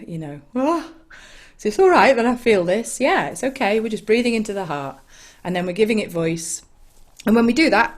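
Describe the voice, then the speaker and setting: A woman with an English accent leading an online singing session from home, gentle and encouraging, with reflective mindful asides. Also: mid-range voice. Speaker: choir leader.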